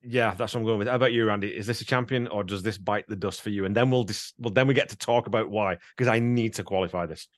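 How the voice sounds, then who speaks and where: Deep-voiced man hosting a podcast. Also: fast, hardly any pauses, no echo, clean studio sound. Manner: easygoing, laughs often, swears in asides. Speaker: podcast host. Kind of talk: casual chat.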